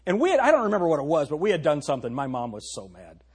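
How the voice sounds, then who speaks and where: A male preacher with a husky, somewhat high voice delivers a sermon. He is emphatic and folksy, slowing down to stress words and speaking straight to his listeners. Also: huge pitch swings. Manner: folksy, addresses the congregation directly.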